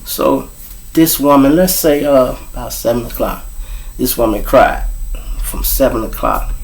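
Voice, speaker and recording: Hosting his show, a storyteller from Chicago spins a tale in loose, profane street slang, calling his listeners "y'all." He speaks at a medium pitch, unhurried and expressive, with a gravelly texture.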